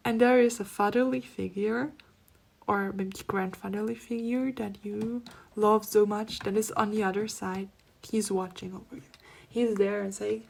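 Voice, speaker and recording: A woman giving a pick-a-card spiritual reading, speaking softly and often dropping to a near-whisper, then breaking into laughs. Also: mid-range voice, fairly even intonation, unhurried, vocal fry. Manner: soft-spoken, drifting between near-whispers and laughing outbursts. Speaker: tarot reader.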